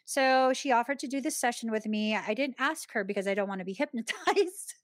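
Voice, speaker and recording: A woman hosting a podcast, telling a personal story in a chatty, expressive way and often laughing. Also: on the high side, fairly quick, no echo. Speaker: podcast host.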